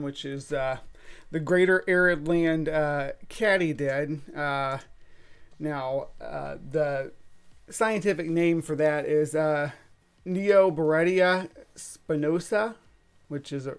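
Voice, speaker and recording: Guy with a gravelly voice, chatting on his home stream late at night, lots of uhs, stops and starts. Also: mid-range voice. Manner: rambling and halting, full of "uh" fillers. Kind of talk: casual livestream chat. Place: home room set up for streaming.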